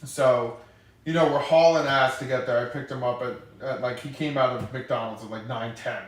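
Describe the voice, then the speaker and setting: A man's voice: medium pitch, fairly even intonation, moderate pace. A man co-hosting a casual podcast, telling a story in a laid-back way with plenty of swearing. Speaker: podcast co-host. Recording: echoey room.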